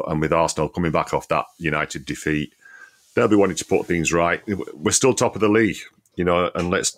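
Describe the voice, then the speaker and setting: A former player co-hosts a casual football podcast, talking easygoingly with lots of fillers and frequent laughter. His bass voice has a fairly bright tone.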